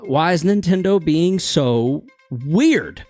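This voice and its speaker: A man's voice: on the high side, lively intonation, slow pace, darkish tone, faint music behind. A man hosting a casual gaming chat show, rambling and opinionated, stumbling over words now and then.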